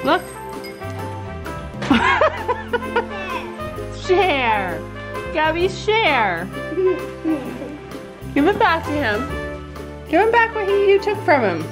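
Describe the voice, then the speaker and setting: A woman's voice: very high voice, huge pitch swings, extremely slow, long pauses, over music. An older woman, a grandmother, chatting casually in a family vlog from a bed in her living room, playfully coaxing her grandchildren.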